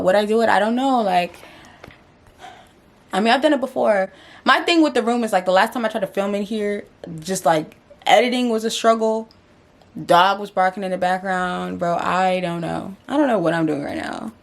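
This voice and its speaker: A woman's voice: mid-range voice, vocal fry. Candid, slangy woman venting to camera. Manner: slangy, emotional, talks herself through doubts. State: tearful, voice breaking. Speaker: vlogger and podcast host. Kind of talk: candid confessional vlog.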